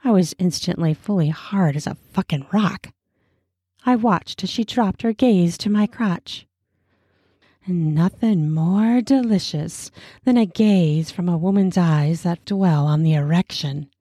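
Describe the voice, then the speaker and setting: A woman reading an erotic story aloud, slow and sensual. Her voice is mellow and breathy, a little low, close and dry. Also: dry recording.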